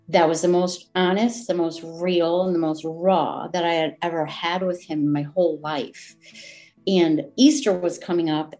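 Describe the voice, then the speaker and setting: A woman guest telling a personal family story in an interview, heartfelt and halting, with many fillers and restarts. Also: fairly low pitch, a little mellow.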